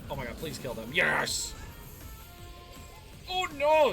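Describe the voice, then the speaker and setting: A man live-streaming a video game, reacting with excited yelps and exclamations. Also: very high voice, measured pace, vocal fry, pauses often. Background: game music.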